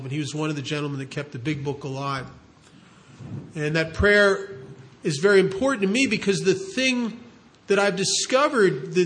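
A man speaking at a recovery meeting, telling a story in an earnest, animated way. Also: on the high side. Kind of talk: storytelling talk.

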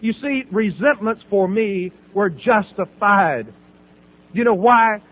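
Speaking slowly with long pauses, this high-voiced Southern man swings widely in pitch as he shares his recovery testimony. He's middle-aged, acts out dialogue, and laughs a lot. His voice is slightly rough, and the audio has a thin, phone-like quality.

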